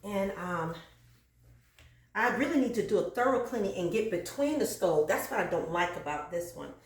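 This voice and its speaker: Chatty woman, lively voice, roomy kitchen. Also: mid-range voice, normal speed, distant mic. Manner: chatty, laughs often, drifts into sung and preaching cadences. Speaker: cooking channel host. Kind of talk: casual chat while cleaning. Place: home kitchen.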